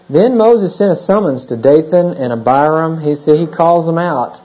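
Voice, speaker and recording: Un uomo che predica con voce calda e registrazione ovattata. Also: male voice, on the high side, lively intonation, normal speed, few pauses, warm tone, dull audio. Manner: conversational preaching with frequent "you know?" asides. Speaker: pastor. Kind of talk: sermon.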